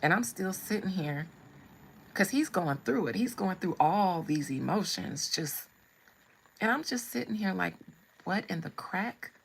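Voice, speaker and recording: A woman's voice: fairly low pitch, lively intonation, measured pace, creaky, slightly rough, rough recording. A woman hosting a live stream, telling a personal story in a blunt, humorous way. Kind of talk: casual storytelling.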